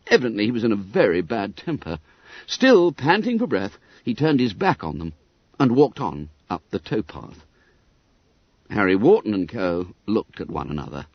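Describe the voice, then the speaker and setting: A man narrating an audiobook in an expressive, lively storytelling manner. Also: on the low side, moderate pace, husky, no echo. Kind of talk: scripted narration. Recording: dull, dry audiobook recording.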